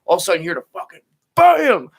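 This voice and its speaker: Radio co-host, man, high voice, rapid-fire profane storyteller. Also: creaky, husky. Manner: animated, profane, acts out quoted voices. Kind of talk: casual storytelling. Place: radio studio.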